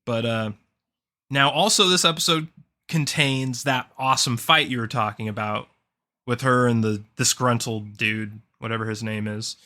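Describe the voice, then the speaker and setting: A man's voice: medium pitch, fairly even intonation, moderate pace, bright, forceful tone. A man co-hosting a podcast, ranting sarcastically and swearing heavily in a casual review chat. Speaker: podcast co-host.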